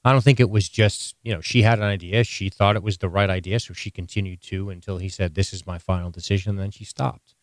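A man co-hosting a podcast in casual, animated chat, swearing freely and teasing his co-host. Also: on the low side, no room sound, studio quality. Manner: animated, profane, jokey, quick to tease.

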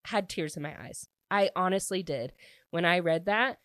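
A young adult woman excitedly recapping a book she loved, talking fast and gushing, with a constant filler "like". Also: fairly low pitch, dry recording, clean studio sound. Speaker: book reviewer.

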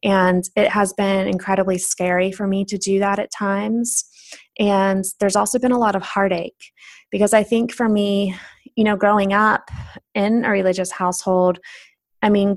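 A woman's voice: medium pitch, no echo. A young adult woman candidly reflecting on her spiritual journey in an earnest personal monologue. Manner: earnest, candid, with soft laughs and restarts. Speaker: speaker sharing a personal spiritual story.

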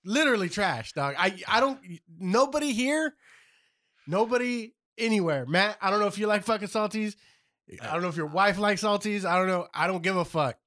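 A man's voice: high voice, expressive, moderate pace, bright, forceful tone, dry recording, clean studio sound. A man co-hosting a casual podcast, ranting with lots of profanity. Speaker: podcast co-host.

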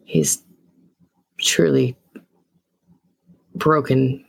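A woman's voice: a bass voice, big pitch swings, drawn-out words, gravelly, husky. A woman player speaking formally in character during a tabletop role-play. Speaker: player voicing a vampire.

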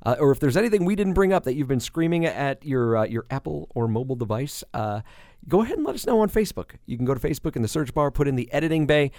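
A man's voice: fairly high pitch, very animated, a little mellow, no echo, studio quality. Joking Texan man co-hosting a podcast. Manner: jokey, quick banter with frequent laughs. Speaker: podcast co-host. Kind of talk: casual chat.

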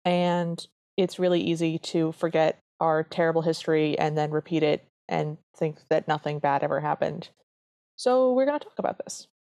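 A woman's voice: sits low, mellow, no room sound. Chatty woman podcast co-host, dry sound. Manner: chatty, earnest, quick asides. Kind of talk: casual review chat.

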